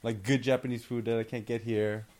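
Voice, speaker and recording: A man's voice: medium pitch, little pitch movement, a little fast, darkish tone. A man from the United States co-hosting a podcast, chatting casually with a dry, contrarian streak. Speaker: podcast co-host. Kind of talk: casual chat.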